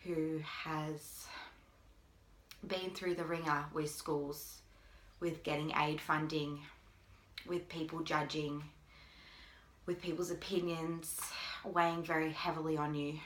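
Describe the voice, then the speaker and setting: A mother talking to camera in a halting way, with long pauses, holding back tears. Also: low voice, flat delivery. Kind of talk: personal video appeal. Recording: echoey room.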